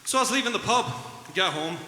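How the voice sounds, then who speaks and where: A man's voice: sits high, expressive, quick pace, pushed and bright. A man in a band telling a joke on stage, laughing at his own lines, with an echoey hall around him. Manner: chatty storyteller, laughs at his own bits. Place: live music venue. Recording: echoey hall, faint background noise.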